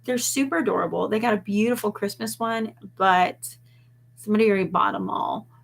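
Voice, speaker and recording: A woman's voice: mid-range voice, brisk, vocal fry. A woman, chatting casually and rambling on a live stream. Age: 40s. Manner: rambling and chatty, trailing off mid-thought. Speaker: vlogger hosting a live stream.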